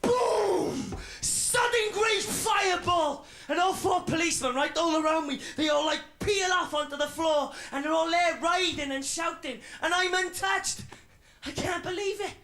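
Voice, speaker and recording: A man's voice: very high voice, normal speed, bright, forceful tone, exaggerated voice. An actor playing an edgy young male stand-up comic in his twenties with a Welsh accent, telling a swaggering routine in a radio drama. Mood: defiant. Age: 20s. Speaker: comedian performing a routine.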